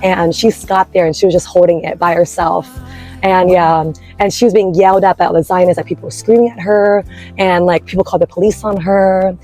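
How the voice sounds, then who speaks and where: A woman's voice: lowish voice, steady tone, a little fast, dark tone, faint music behind. A young woman, a university student, telling her story in an interview with many fillers and restarts. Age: young adult. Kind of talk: casual interview talk.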